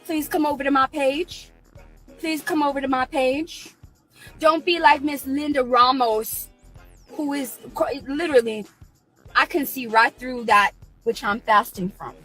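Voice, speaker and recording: A woman's voice: sits high, a little slow, fairly bright tone, soft background music. A woman on her own live stream, ranting at critics in a combative, preachy way and repeating herself.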